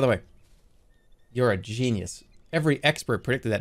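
A man in his thirties streaming a game live, talking in an animated, rambling and profane way. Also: medium pitch, normal speed, long pauses. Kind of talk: live gameplay commentary.

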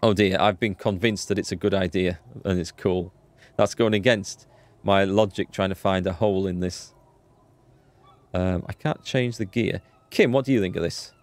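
A man's voice: low voice, normal speed, no echo. A man hosting a let's play, chatty and self-mocking, often exclaiming as he reacts to the game. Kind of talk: gameplay commentary.

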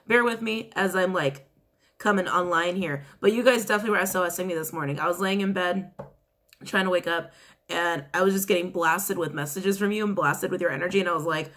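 A woman's voice: on the low side, a bit bright. Young woman, tarot reader, slightly congested, chatty and rambling, lots of fillers. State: congested, just woken up. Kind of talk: casual tarot reading to camera.

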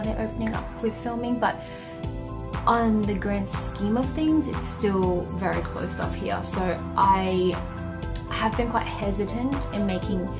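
A woman with an Australian accent chatting casually and self-deprecatingly to her viewers in a vlog. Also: mid-range voice. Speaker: vlogger.

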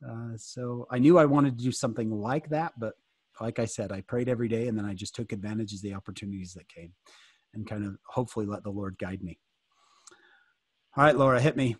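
A man's voice: lowish voice, fairly quick, husky, no room sound, studio quality. A man giving a casual, joking fireside talk to youth over a video call, often asking his listeners questions. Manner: joking, animated, asks the audience questions. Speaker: guest speaker answering youth questions.

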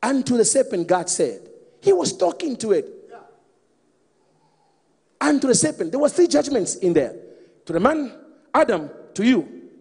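A man preaching a sermon in an animated way, calling out to the congregation and acting out the figures in the story. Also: very high voice, moderate pace, gravelly, pauses often, breathy edge, long reverb tail.

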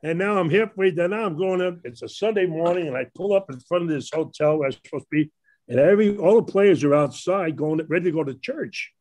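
A man's voice: fairly high pitch, brisk, a little mellow. An older man with a Brooklyn accent, a talk show guest telling long, rambling stories and laughing often. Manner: rambling anecdotes with frequent laughter. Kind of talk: casual storytelling.

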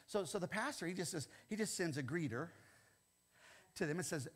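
Husky, high-pitched, lively older preacher. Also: male voice, normal speed, long pauses. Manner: animated, repeats "okay?" often, laughs between lines. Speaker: pastor. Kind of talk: sermon.

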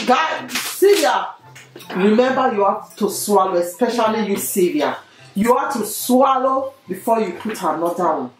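A woman, the mother, acting as referee and timekeeper in a casual family challenge video, counting down and calling out the rules loudly. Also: mid-range voice, animated, unhurried. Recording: echoey room with music. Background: background music.

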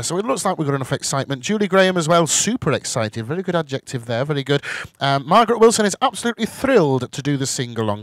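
A man's voice: on the high side, dry recording. A man hosting a casual live chat show, reading out viewer messages in a chatty, self-deprecating way with jokey asides. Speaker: host.

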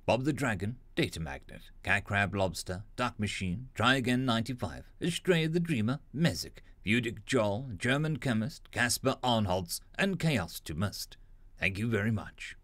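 Expressive man narrating a sci-fi story. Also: mid-range voice, normal speed, few pauses, no echo. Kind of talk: scripted narration.

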